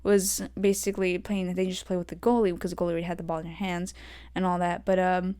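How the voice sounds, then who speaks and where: A young adult woman hosting her own podcast, rambling through a story with lots of fillers and getting animated when irritated. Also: lowish voice, quick pace, clear, resonant tone. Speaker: podcast host. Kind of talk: solo casual rant. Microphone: desk podcast mic.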